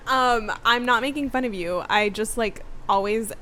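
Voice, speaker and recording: A young woman co-hosting a casual book podcast, playful and animated, with loud laughs. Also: fairly high pitch, unhurried, a little hiss or hum. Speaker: podcast co-host. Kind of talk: casual chat about a book.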